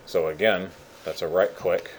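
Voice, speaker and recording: A man running a casual screen-share software tutorial, goofy and rambling with lots of fillers. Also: deep voice, steady tone, moderate pace, a little hiss or hum. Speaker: instructor.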